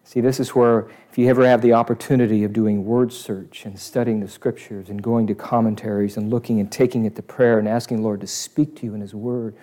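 Animated man preaching a sermon. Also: on the low side, a little fast, hardly any pauses. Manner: animated, acts out crowd voices, swings from loud to hushed.

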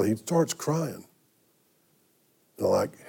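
Telling a personal story as a sermon, the male pastor has a mellow, warm, medium-pitched voice with vocal fry. He keeps it conversational, often stopping and beginning his sentences again.

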